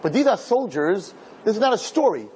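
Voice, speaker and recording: A man, a rabbi, telling an inspirational story to an audience in an animated way, repeating words for emphasis and mixing in Hebrew terms. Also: high-pitched, a little fast, slight background noise.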